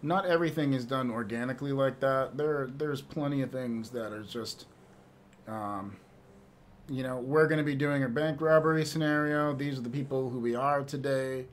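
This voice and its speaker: A man's voice: mid-range voice, moderate pace, a little hiss or hum. A man streaming and chatting casually with viewers, rambling and laughing often, with some swearing.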